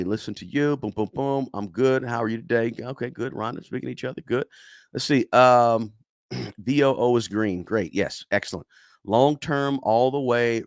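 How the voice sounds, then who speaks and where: A man's voice: medium pitch, dry recording, clean studio sound. A man hosting a finance livestream, talking casually, reading the chat and often checking in with "right?". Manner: conversational, tags lines with "right?", many restarts. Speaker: finance channel host.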